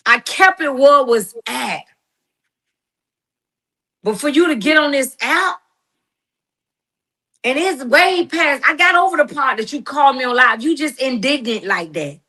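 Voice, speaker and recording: A woman's voice: high voice, lively intonation, measured pace, pauses often, sharp tone. A middle-aged woman in a heated, emphatic monologue, confronting someone with slang and preachy turns. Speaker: guest responding to critics.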